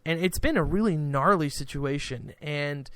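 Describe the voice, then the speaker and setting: A man's voice: a little high, moderate pace, a bit bright, clean tone, no echo. Man rambling through political commentary, dry close sound. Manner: rambling, restarts, acts out quoted exchanges. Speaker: podcast host.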